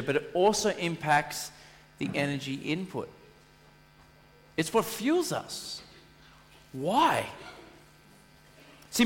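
A fairly high-pitched man delivers a sermon as pastor, telling lively stories and acting out what he said himself. His voice carries a long hall reverb. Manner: animated storytelling, acting out his own quoted lines.

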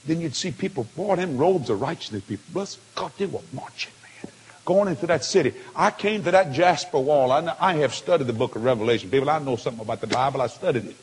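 A man preaching a testimony sermon, telling it with feeling and swinging from hushed tones to shouts. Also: a little high, quick pace, few pauses, breathy edge. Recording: long hall reverb.

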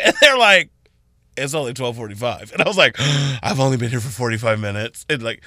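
Excitable man telling a story on radio. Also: a little fast, no room sound, studio quality. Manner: excitable, jumps to high squeals when retelling. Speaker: radio co-host. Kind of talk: animated storytelling on morning radio.

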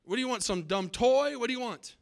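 Preacher doing a worn-out dad in a story, exasperated and sharp-edged, higher-pitched man. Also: brisk, smooth. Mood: angry. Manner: snapping, exasperated. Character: tired, irritable working father.

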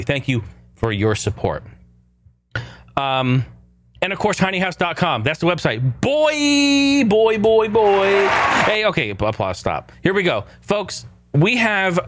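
A man's voice: mid-range voice, no room sound. A male podcast host talking in a loose, joking style, his voice climbing and falling a lot. The sound is dry and close, with no room around it. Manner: animated, jokey, swears casually. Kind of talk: casual podcast chat.

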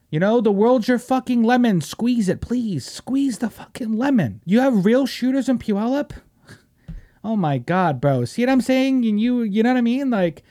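A man hosting a podcast, ranting loudly and mockingly with heavy swearing, dropping to low mutters between outbursts. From Washington State, US. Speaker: podcast host. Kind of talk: casual podcast rant.

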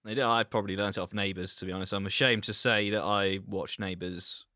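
A man's voice: fairly low pitch, steady tone, fairly quick, bright, forceful tone, no room sound, studio quality. A man co-hosting a casual podcast, self-deprecating and rambling, often restarting his sentences. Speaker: podcast co-host. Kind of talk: casual chat.

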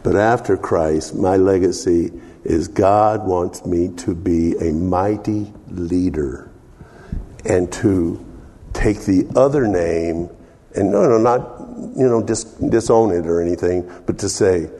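Slow low-voiced older pastor preaching. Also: male voice, mellow, big-room sound, slight background noise. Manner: folksy, asks the congregation for amens. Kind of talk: sermon.

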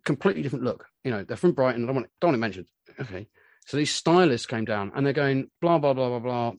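A man in his forties, a musician being interviewed, telling stories in a rambling, animated way with lots of filler words. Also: mid-range voice, quick pace, no room sound. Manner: rambling, animated storytelling full of "you know". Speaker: musician guest. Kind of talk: casual interview chat.

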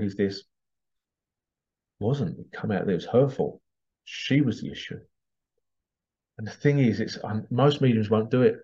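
A man's voice: on the low side, dark tone, breathy edge. A man, a psychic medium hosting a casual monologue, chatty, laughing often and acting out the voices he quotes. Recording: dull lo-fi sound.

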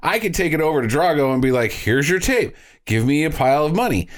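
Man playing a shrugging, scheming female mercenary, rambling and lively in pitch. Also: quick pace. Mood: offhand. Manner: offhand, rambling. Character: scheming female hired fighter, matter-of-fact.

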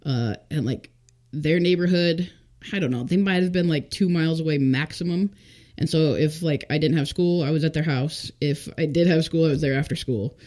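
A woman's voice: sits low, moderate pace, mellow. Chatty young woman telling her story. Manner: chatty, full of fillers, acts out quotes. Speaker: podcast guest. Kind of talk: casual testimony interview.

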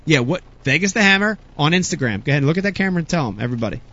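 A man with a fairly high voice hosts a live show from a room with a small crew, upbeat and coaxing. He often trips over and restarts his sentences, and the audio comes through dull and lo-fi. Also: lively intonation, very fast, pushed and bright. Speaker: host of a live fishing show. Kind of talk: live show wrap-up chat.

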